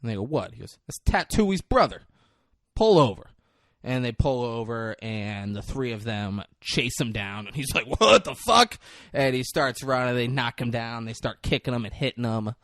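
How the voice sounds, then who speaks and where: A young man co-hosting a podcast, retelling a movie in casual chat and acting out its lines with loud outbursts. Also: medium pitch, moderate pace, hardly any pauses, dry recording, studio quality. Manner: animated storyteller, acts out lines from the film with loud outbursts. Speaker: podcast co-host.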